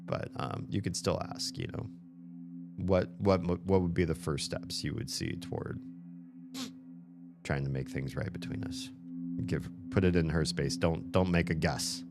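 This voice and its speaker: A man's voice: low-pitched, a little slow, gravelly, music in the background. A man streaming a story game, chatting casually and playfully as he comments and often laughs.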